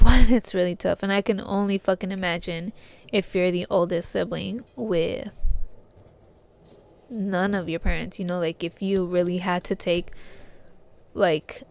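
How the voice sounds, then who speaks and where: A woman's voice: mid-range voice, clear, resonant tone, no echo. A young woman hosting her podcast, talking casually and from the heart to her listeners in a slangy way that is full of swearing. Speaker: podcast host.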